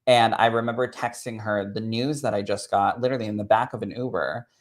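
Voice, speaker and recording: A man, a spirit medium, sharing a personal story in an expressive, chatty way that swells with emotion. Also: on the low side, fairly quick. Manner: expressive and chatty, full of "like" and "literally".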